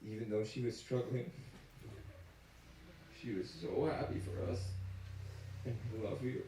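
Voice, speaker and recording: Choked-up groom in a noisy echoing room. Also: male voice, medium pitch, fairly even intonation, a little slow, dark tone. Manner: heartfelt, choked up, self-conscious. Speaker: groom giving a wedding speech. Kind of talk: emotional wedding speech. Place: wedding party at a cottage. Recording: roomy, distant, noisy room sound.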